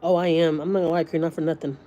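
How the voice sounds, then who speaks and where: A Texas woman hosts a casual livestream, reading viewer comments and talking bluntly, swearing freely and piling on fillers. Her voice sits low and mellow with a level tone, and she talks at a racing pace.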